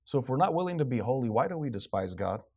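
A man's voice: mid-range voice, sing-song, fast talker, a little mellow, breathy edge. A man preaching a sermon, building up with rhetorical questions and acted-out quotes. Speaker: pastor.

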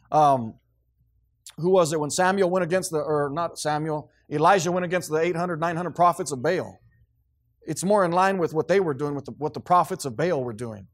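A man preaching a sermon in a church, emphatic, with frequent restarts. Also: on the high side. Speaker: pastor.

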